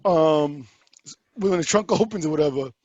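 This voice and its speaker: A man co-hosting a movie podcast in casual chat, animated, acting out scenes in voices and swearing casually. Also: fairly high pitch, normal speed, dry recording, lo-fi sound. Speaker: podcast host.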